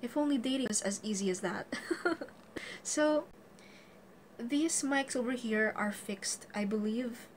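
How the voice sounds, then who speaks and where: A woman with a somewhat high voice talks through a casual equipment tutorial. She is chatty and giggly and laughs often. Jokey asides break up the steps, and a faint hiss sits under the recording. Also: unhurried, long pauses. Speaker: tutorial host.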